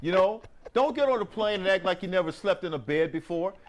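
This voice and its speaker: A man's voice: high-pitched, lively intonation, a little fast, dull audio. A man co-hosting a casual after-show chat, ranting animatedly with many restarts. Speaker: morning show co-host.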